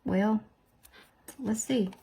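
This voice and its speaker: A woman's voice: medium pitch, extremely slow, gravelly, warm tone, breathy edge. A woman hosting a nail video, chatting casually, self-deprecating and full of exclamations. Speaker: nail tutorial host. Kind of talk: casual chat while doing nails.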